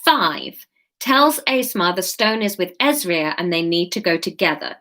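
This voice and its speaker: A woman's voice: on the low side, lively intonation, a little slow, bright, forceful tone. A woman hosting an interactive live-stream story, reading it aloud and breaking off for chatty asides to viewers. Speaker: host and storyteller.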